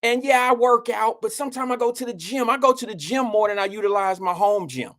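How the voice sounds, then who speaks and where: A man's voice: high-pitched, fairly quick, fairly bright tone. A middle-aged man hosting a live show, rambling candidly in casual chat and talking straight to his viewers by name. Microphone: live-stream microphone.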